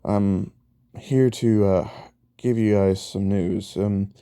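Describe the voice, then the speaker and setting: A man voicing a calm, professional male doctor who explains in a measured way. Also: on the low side, smooth.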